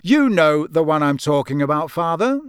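A man's voice: on the high side, sing-song, normal speed, clear, resonant tone, dry recording, clean studio sound. A man doing a pompous young ministry official. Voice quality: self-important, officious.

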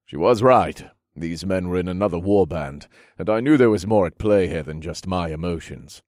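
A man reading a novel aloud in measured first-person narration. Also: sits low, no room sound, studio quality. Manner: steady, measured storytelling. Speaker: audiobook narrator.

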